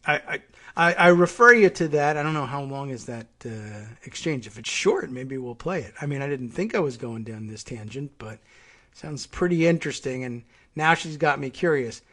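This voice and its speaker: A man's voice: mid-range voice, animated, moderate pace, bright, forceful tone. Chatty man hosting a talk show. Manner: chatty, muttering asides while working the computer. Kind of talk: reading an article aloud with casual asides.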